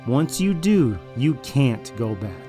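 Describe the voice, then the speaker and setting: A man's voice: mid-range voice, very animated, slow pace, warm tone, faint music behind. A man voicing a manipulative male raider in an audio drama, falsely friendly and then arrogant and threatening. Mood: smug, menacing. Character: smug, deceitful male raider, manipulative and menacing.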